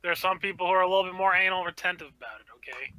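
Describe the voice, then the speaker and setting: A man's voice: sits high, racing, sharp tone, slight background noise, low-quality recording. A man co-hosting a casual podcast, making short wisecracking quips with some swearing. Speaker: podcast co-host. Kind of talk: casual chat.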